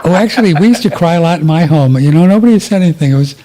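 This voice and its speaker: Mellow male radio host, easygoing and agreeable, laughs easily. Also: a little high, animated, very fast. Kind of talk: casual radio chat.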